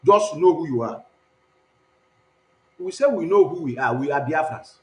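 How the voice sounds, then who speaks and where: A man's voice: fairly high pitch, lively intonation, moderate pace, a little mellow, echoey room. A man hosting the show, mocking the clips he plays and switching between Igbo and English. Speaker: host. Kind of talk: commentary on played clips.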